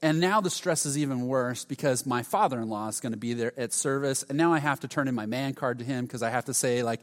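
A middle-aged male pastor preaching a sermon, telling stories with sudden loud outbursts. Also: mid-range voice, fast talker, hardly any pauses. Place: church sanctuary. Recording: long hall reverb.

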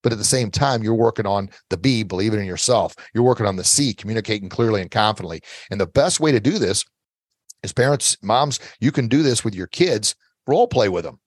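Middle-aged guy, kinda low voice, coaching ppl in an interview, earnest, dry close sound. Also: animated, a little fast, no room sound. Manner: earnest, coaching, repeats key phrases. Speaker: self-defense instructor guest. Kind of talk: motivational interview advice.

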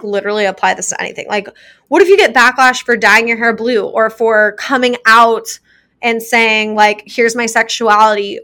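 A young woman hosting a casual motivational talk. Her voice is bright and sits a bit high for a woman. She speaks in a chatty, filler-heavy way and circles back to repeat her main points. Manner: chatty, many fillers, repeats key phrases.

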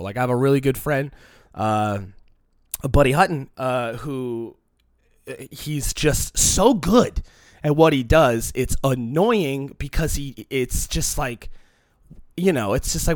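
A man's voice: medium pitch, unhurried, no echo, studio quality. A man and comedian rambling in a casual, profane vlog monologue to a phone camera, his voice a little shaky. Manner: profane, rambling, animated with mocking quoted voices. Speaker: comedian self-producing a video. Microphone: phone used as camera.

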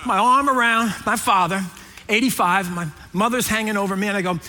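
A man's voice: sits high, a little fast. A middle-aged man preaching a sermon, joking and storytelling as he acts out the voices of the people in his stories. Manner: animated, jokey, acts out quoted voices. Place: large church hall. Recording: echoey hall.

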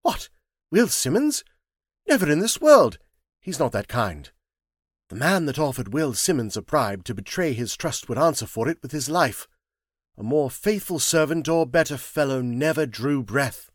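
A man's voice: medium pitch, no room sound, clean studio sound. A man voicing an anxious middle-aged male bank manager in an audiobook, speaking earnestly and with agitation. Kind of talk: audiobook character reading.

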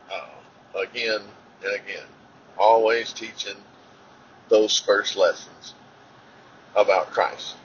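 A man reads scripture aloud at a steady, somewhat halting pace. He stumbles into fillers and corrects himself as he goes. His voice sits a little low and comes through a dull, lo-fi recording with a faint hiss behind it. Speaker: Bible reader.

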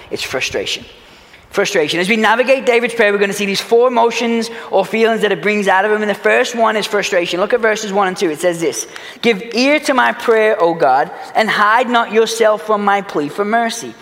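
Pastor, male, high voice, earnest sermon delivery, long church-hall reverb. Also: a little fast. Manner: earnest preaching, big swings from loud urgency to hushed. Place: church sanctuary.

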